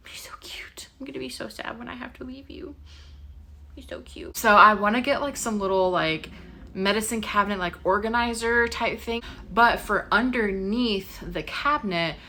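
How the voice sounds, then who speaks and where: A woman's voice: mid-range voice, pushed and bright. A young woman chatting casually to camera at home about her plans, full of likes and ums. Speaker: lifestyle vlogger. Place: bedroom at home.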